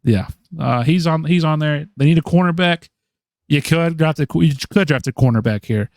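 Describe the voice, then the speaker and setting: A man's voice: on the high side, moderate pace, darkish tone, dry recording. Man thinking aloud with ums, dry sound. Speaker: podcast co-host. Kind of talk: casual mock-draft chat.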